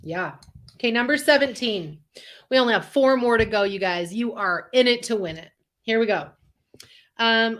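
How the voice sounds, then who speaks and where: Bright, upbeat woman coaching on a call. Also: a little high, lively intonation, normal speed. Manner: upbeat, earnest, encouraging. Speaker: co-host, empath coach. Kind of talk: live online self-help talk. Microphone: video call.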